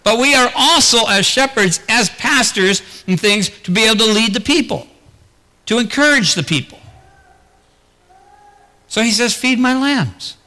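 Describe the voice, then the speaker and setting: Man preaching, earnest, bright forceful voice, rhetorical questions, long echo of a big church hall. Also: high voice, animated, normal speed, long pauses. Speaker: pastor. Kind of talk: sermon.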